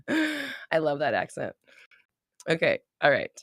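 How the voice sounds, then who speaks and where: A woman's voice: deep voice, wildly swooping pitch, slow pace, no room sound, clean studio sound. A young woman hosting a casual live stream, chatting, laughing often and reading viewer comments aloud. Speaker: livestream host.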